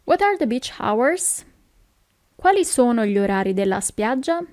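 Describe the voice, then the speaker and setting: A woman's voice: on the high side, very animated, a little slow, a little mellow, dry recording, studio quality. A woman from Italy with an Italian accent, teaching a language lesson, who explains things patiently and keeps checking in with "okay?".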